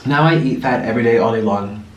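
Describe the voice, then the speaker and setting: A man's voice: medium pitch, fast, dull audio, a little hiss or hum. A young man chatting animatedly while eating on camera, telling stories between bites. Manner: chatty, animated storytelling with food in mouth. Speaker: mukbang vlogger. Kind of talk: casual chat while eating. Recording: echoey room, mic somewhat far.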